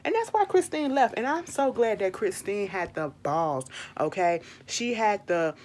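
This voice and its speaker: A young woman giving an exasperated, animated, swearing recap of a reality show. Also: unhurried. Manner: animated, exasperated, swears freely, jumps into high quoted retorts. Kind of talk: casual opinionated recap.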